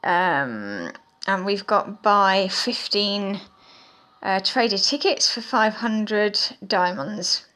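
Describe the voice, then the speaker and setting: A woman's voice: mid-range voice, expressive, very slow, bright, forceful tone. A woman hosting a gaming channel, giving chatty mobile game commentary with lots of ums and frequent asides to viewers as "guys". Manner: chatty, filler-heavy, addresses viewers as guys.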